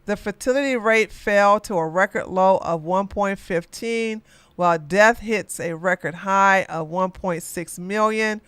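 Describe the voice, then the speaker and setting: A podcast host reading news headlines aloud and reacting with loud exclamations and asides. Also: mid-range voice, clear, resonant tone, no room sound. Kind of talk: live news commentary.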